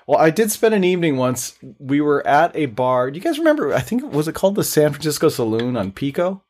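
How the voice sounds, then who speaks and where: Male co-host, animated storyteller, lively pitch, casual banter. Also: brisk. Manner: animated storyteller, laughs often. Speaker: podcast co-host. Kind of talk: casual chat.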